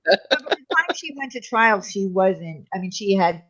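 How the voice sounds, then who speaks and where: A woman's voice: medium pitch, very animated, normal speed, fairly bright tone. A woman panelist joining over a video call, opinionated and explaining her points firmly. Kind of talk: casual panel chat. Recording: dull, muffled video-call audio.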